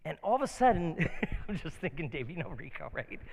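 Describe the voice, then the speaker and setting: A man preaching a sermon as pastor, telling stories in a casual, animated way in a church. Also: a little high, fairly quick, gravelly, long reverb tail.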